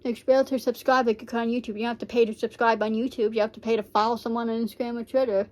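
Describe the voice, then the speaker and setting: Woman, reaction vlogger, slightly high pitch, rambling and heartfelt casual commentary. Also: flat delivery, rapid-fire, a little mellow. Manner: rambling and heartfelt, many fillers.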